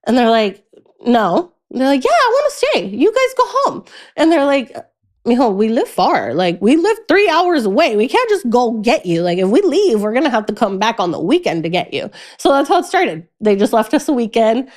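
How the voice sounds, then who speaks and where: Very animated, with a voice on the high side and a slightly mellow quality, a young adult woman talks at a moderate pace as a guest in a casual interview. She tells her life story chattily, laughing a lot and pitching her voice up when quoting people.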